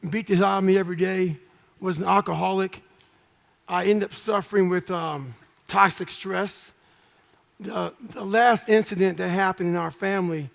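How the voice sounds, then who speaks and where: A man's voice: high voice, gravelly. A man telling his story in a blunt, profane, punchy way as an interview guest before a live audience. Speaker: guest speaker.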